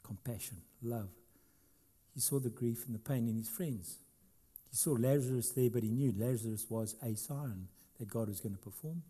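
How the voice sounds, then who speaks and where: A middle-aged man preaching a sermon as a pastor. He swings between loud, emphatic stretches and quiet asides, asking the congregation questions and adding light humor. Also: medium pitch, normal speed, breathy edge.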